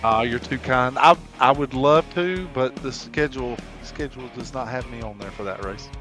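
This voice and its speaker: A man's voice: medium pitch, normal speed, sharp tone, soft background music. Enthusiastic man co-commentating a race. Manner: enthusiastic, praising. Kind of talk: broadcast commentary.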